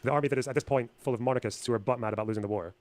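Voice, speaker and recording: Fast, swearing, argumentative male streamer. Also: medium pitch, darkish tone, no echo. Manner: argumentative, swears often, presses with repeated questions. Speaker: streamer host. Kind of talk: heated debate on a live stream.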